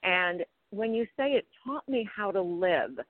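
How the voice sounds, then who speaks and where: A woman's voice: medium pitch, animated, measured pace, no echo. A woman hosting an interview, encouraging and explaining ideas to her listeners. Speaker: host. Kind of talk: interview over the phone. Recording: dry tinny phone line.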